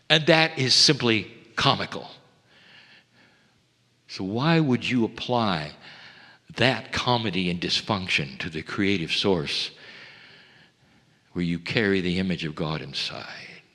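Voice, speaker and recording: A man delivering a channeled spiritual message to a seminar audience, measured and intimate, often sinking to hushed tones. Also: deep voice, animated. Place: seminar hall. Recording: long hall reverb.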